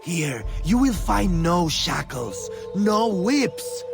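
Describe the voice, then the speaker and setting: An actor playing a smooth-talking male recruiter in a video game, speaking slowly and persuasively, with music underneath. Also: sits high, big pitch swings, exaggerated voice. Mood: grandly welcoming. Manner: slow, sing-song persuasive speech.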